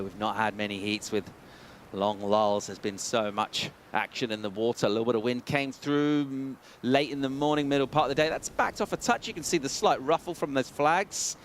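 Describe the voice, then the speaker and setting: An upbeat man at mid pitch calls surfing live, chatty and quick with a joke. His commentary runs over a faint hum of noise in the background. He keeps the energy bright between the rides. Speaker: play-by-play surf commentator.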